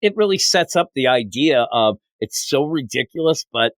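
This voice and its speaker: A man's voice: mid-range voice, normal speed, dry recording. A man co-hosting a podcast, chatting casually about comics and acting out the characters' lines as he retells the story. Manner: animated, acts out characters' lines while retelling. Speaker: podcast co-host. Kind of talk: casual comic book discussion.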